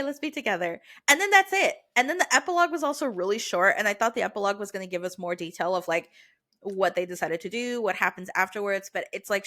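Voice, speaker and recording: A young woman co-hosts a casual book podcast, retelling a story in a loose, rambling way with frequent "like". Her voice is bright and sharp at the edges, sitting at an ordinary pitch for a woman. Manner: chatty, heavy use of "like", lively retelling. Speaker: podcast co-host.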